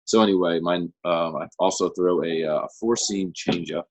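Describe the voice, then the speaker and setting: A young man, a pro baseball pitcher, chatting as a guest in a relaxed, rambling way full of fillers. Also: moderate pace, breathy edge. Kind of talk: casual interview chat.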